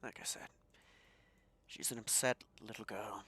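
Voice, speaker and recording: Bright-voiced casual man at the game table. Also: on the low side, steady tone, a little slow, husky, dry recording. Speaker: player.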